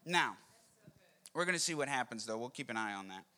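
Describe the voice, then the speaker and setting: A man preaching a sermon, telling a Bible story with animated, acted-out quotes. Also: mid-range voice, brisk. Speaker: pastor.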